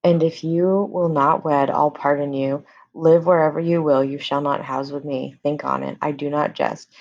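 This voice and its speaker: A woman's voice: low voice, steady tone, normal speed, darkish tone, highs cut off. A woman reading the lines of an angry domineering older father in a lesson, with plain emphasis. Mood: threatening.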